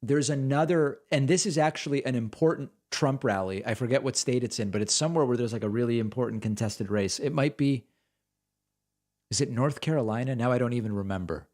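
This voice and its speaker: Male streamer, casual and rambling, mid pitch. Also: brisk, a little mellow. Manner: chatty, rambling, reads out supporter names. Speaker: host. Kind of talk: casual livestream chat.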